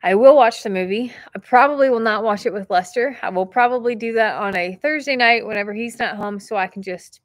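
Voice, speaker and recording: A woman hosting a casual vlog, opening mail from viewers and talking warmly and emotionally, close to tears at times. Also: mid-range voice, fairly quick, few pauses, no echo. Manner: chatty and emotional, near tears.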